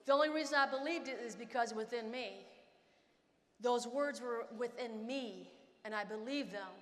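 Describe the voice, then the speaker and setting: Long reverb from a large conference hall surrounds a woman in her fifties giving a motivational storytelling keynote. Her voice is on the high side and fairly bright, at a moderate pace, and she dramatizes her tales by acting out scenes and characters.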